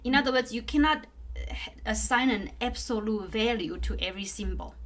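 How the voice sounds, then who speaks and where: A woman teaching a one-on-one piano lesson, explaining gently, checking in with "right?" again and again, and singing phrases on "da.". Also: fairly high pitch, moderate pace. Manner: sings phrases aloud on "da". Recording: loud piano music behind voice. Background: piano playing.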